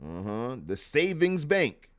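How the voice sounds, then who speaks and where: A man hosting a live history show, talking in a casual, animated way with slangy asides. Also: medium pitch, takes it slowly. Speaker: host.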